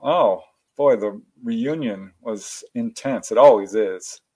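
Animated, laughing male storyteller. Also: medium pitch, slow, breathy edge. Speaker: guest. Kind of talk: casual interview conversation.

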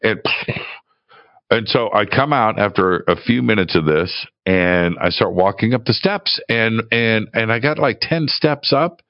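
Slow, low-voiced man with dull audio. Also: expressive, dry recording. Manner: halting, repeats words and restarts often. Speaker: guest telling a travel story. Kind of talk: casual first-person storytelling.

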